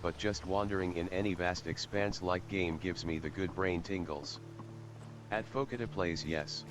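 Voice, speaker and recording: A male streamer chats casually and playfully, reading his chat aloud, joking, and repeating things in a sing-song way. His voice is deep and his pace normal, with music clearly playing in the background.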